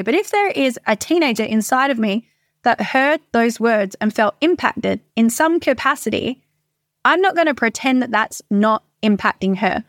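A woman's voice: a little high, animated, moderate pace, a bit bright, dry recording, studio quality. A woman in her thirties, a coach, talking casually and candidly with frequent swearing, in a motivational monologue. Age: 30s.

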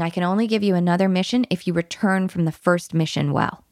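A woman parenting coach who talks emphatically and dips into a hushed whisper when she models soothing words to a child. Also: on the low side, fast talker, no echo, studio quality.

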